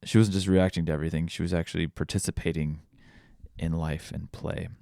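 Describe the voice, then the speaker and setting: A man's voice: deep voice, flat delivery, a little fast, gravelly, dark tone, no echo, clean studio sound. A man in his thirties hosting a podcast, musing aloud in a candid, rambling way full of restarts. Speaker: podcast host. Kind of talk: reflective monologue.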